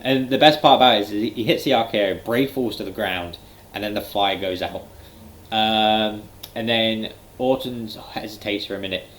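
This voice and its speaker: A man's voice: fairly low pitch, fairly bright tone, slight background noise, poor audio. A man giving a casual, filler-heavy spoken reaction to a wrestling event. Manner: chatty, lots of fillers, quotes others in exaggerated voices. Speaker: wrestling vlogger.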